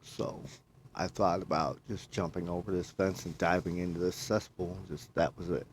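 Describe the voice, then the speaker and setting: In casual chat, a man with a low, steady voice and a moderate pace tells a long, rambling personal story, repeating himself and often quoting his own words. A little hiss or hum sits under the recording.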